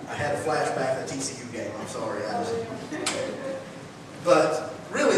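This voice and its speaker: A man preaching a sermon in a folksy, energetic way, full of rhetorical questions, in a church sanctuary. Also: on the high side, normal speed, noisy background. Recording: echoey church hall, distant mic.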